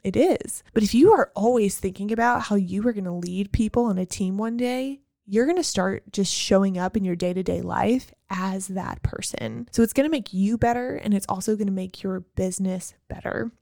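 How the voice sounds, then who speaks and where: A woman's voice: mid-range voice, moderate pace, vocal fry, hardly any pauses, dark tone, no echo, studio quality. A young adult woman and business owner, talking earnestly and encouragingly in a casual motivational monologue, with frequent fillers and restarts. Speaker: business owner and team leader.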